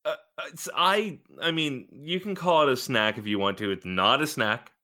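Sardonic bright-voiced man arguing jokingly. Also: medium pitch, normal speed. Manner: sardonic, crude, argumentative joking. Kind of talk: casual chat.

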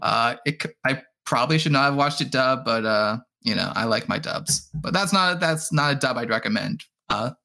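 A man chatting casually as a podcast co-host, telling stories in a relaxed way with fillers and dry asides. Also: medium pitch, moderate pace, vocal fry, few pauses. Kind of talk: casual chat.

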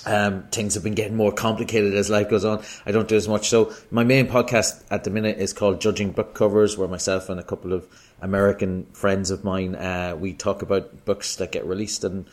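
Irish man, lowish voice, chatty, self-deprecating, casual podcast guest. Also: flat delivery, fairly quick.

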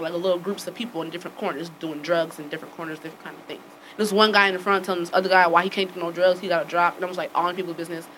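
A woman telling a story casually to friends, acting out the dialogue with lively swearing and frequent laughter. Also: mid-range voice, a little hiss or hum, rough recording. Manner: animated, acts out quoted dialogue with swearing; laughs often while telling.

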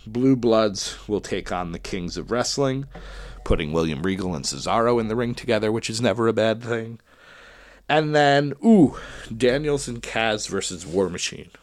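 A man's voice: fairly low pitch, dry recording. A man casually talking through his picks for a wrestling tournament, chatty and thinking aloud as he goes. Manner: chatty, thinking aloud while picking winners. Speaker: wrestling podcast host. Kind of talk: casual solo commentary.

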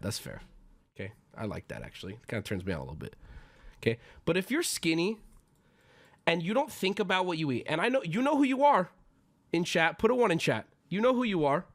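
A man in his thirties ranting to his stream chat, exasperated and loud, mocking people in whiny voices. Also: mid-range voice.

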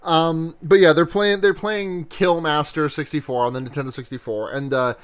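A man's voice: a little high, fairly even intonation, moderate pace. A man in casual podcast chat, rambling through a movie plot, laughing and acting out the characters' lines. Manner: rambling, laughing, acts out quotes.

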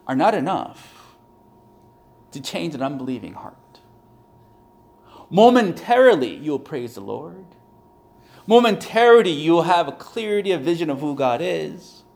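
A man, a pastor, preaching a conversational sermon, animated and repeating phrases for emphasis. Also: fairly high pitch.

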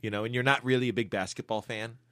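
A man's voice: medium pitch, steady tone, fast talker, fairly bright tone, smooth, no room sound, clean studio sound. A man co-hosting a podcast, joking and teasing and wandering between thoughts. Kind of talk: casual podcast chat.

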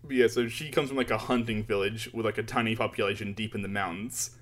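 A man chatting casually, retelling a story in an animated way with frequent laughter and swearing. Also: on the low side, quick pace. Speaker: podcast co-host. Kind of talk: casual chat retelling a manga chapter.

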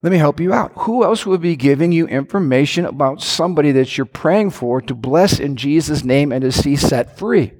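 A middle-aged man, a pastor, preaching a sermon with animated storytelling and frequent questions to his congregation. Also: moderate pace, few pauses. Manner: animated storytelling with lively pitch swings and direct questions to the congregation.

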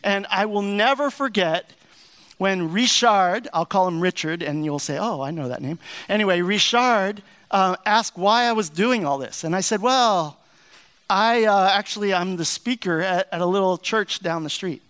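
A middle-aged American pastor tells a story from the pulpit, earnest and folksy, with plenty of fillers. His voice sits fairly high and sounds smooth and clear. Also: moderate pace, fairly bright tone. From United States. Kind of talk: sermon with personal story.

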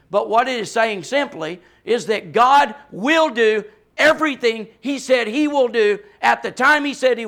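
A man's voice: very high-pitched, fairly bright tone. A male pastor preaching a sermon with passion and emphasis, often adding a questioning "right?" and laughing lightly between points.

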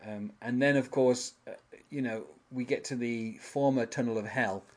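A man's voice: medium pitch, fairly even intonation, normal speed. A man hosting a casual podcast, rambling through an episode recap with many fillers and frequent chuckles. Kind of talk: casual chat.

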